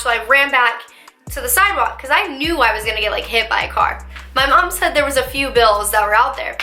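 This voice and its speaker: A young woman vlogger telling a dramatic story in a lively, animated way. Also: high-pitched. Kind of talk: storytime vlog. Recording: echoey room.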